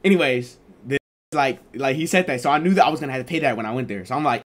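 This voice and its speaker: A man's voice: mid-range voice, racing, fairly bright tone. A young man casually telling a storytime vlog in loose, slangy talk with lots of fillers. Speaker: streamer and vlogger.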